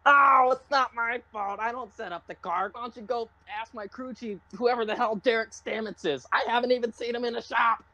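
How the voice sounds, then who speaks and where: A woman's voice: a little high, fairly quick, creaky, hardly any pauses, pushed and bright, lo-fi sound, pitched above the performer's own voice, heavily acted. A woman putting on a whiny, sobbing young male race driver who pleads and makes excuses.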